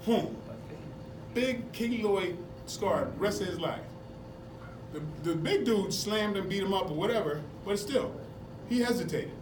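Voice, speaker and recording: A man telling animated stories to a seminar class, laughing often as he talks. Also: high voice, measured pace. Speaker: martial arts seminar instructor. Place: indoor seminar room at a convention. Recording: echoey room, distant from mic, background noise.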